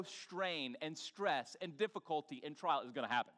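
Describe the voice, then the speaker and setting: A male pastor preaching an animated sermon in church, bantering with the congregation and urging them to talk back. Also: fairly high pitch, normal speed, hardly any pauses, long reverb tail. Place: church sanctuary.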